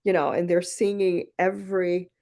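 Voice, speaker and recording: This woman, a podcast guest who is a poet and retreat founder, shares personal stories in a reflective, conversational way, acting out the quoted lines. Her lowish voice has a darkish tone, a level delivery, and a moderate pace.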